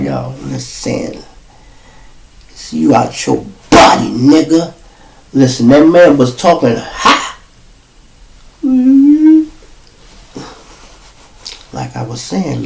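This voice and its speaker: A man with a Chicago accent, hosting his own podcast, tells a jail story in an animated storytelling way, acting out other voices and breaking into laughs and shouts. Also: mid-range voice, creaky. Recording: roomy echo.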